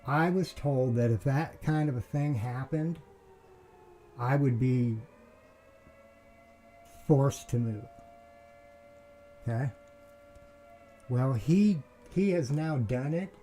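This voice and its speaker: A man speaks slowly in a dark, mellow voice while he tells a personal grievance as a casual monologue. He rambles and circles back, restarting his sentences, and throws in a curse now and then. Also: mid-range voice, slight background noise, low-quality recording. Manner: rambling, restarts, swears, aggrieved. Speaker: vlogger.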